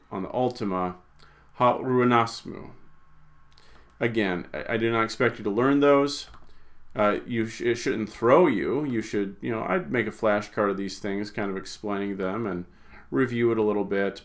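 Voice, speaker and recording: Guy teaching greek, kinda low voice, casual, says uh a lot and restarts his sentences. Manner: informal, hesitant, many fillers and restarts. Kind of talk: recorded language lesson.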